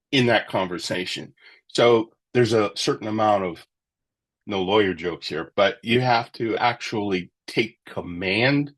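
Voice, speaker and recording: A man's voice: sits low, a bit bright. A man sharing his thoughts in a casual book club discussion, reflective and rambling.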